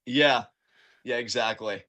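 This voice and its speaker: A man co-hosting a casual wrestling review podcast, ranting with profane, animated mock outrage. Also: mid-range voice, takes it slowly. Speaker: podcast co-host.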